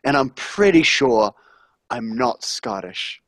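A man doing a soft, halting impression of a middle-aged celebrity chef, pleading earnestly. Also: medium pitch, big pitch swings, dry recording, voice pushed down, full character voice.

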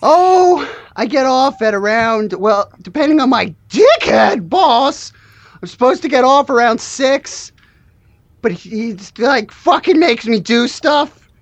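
Brief: woman putting on a drawling, soulless, lovesick shop worker for a tabletop game, higher voice, dry sound. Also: animated, unhurried, no echo, exaggerated voice. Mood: lovelorn. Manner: drawling slacker impression. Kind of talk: improvised tabletop role-play.

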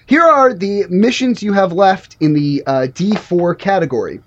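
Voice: mid-range voice, expressive, moderate pace, muffled recording, a little hiss or hum. A game master running a tabletop game, chatting casually and joking between mission briefings. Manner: joking, rambling with restarts.

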